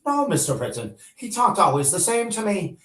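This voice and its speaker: Man putting on a timid woman housekeeper, high pleading voice, lively pitch, roomy echo. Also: normal speed. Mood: meek, anxious. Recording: echoey room.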